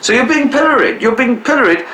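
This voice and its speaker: A man's voice: very high-pitched, expressive, quick pace, pushed and bright, slight background noise. A man talking in a theatrical, gushing and profane way to a guest. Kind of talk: effusive documentary talk. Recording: roomy echo, faint ambience.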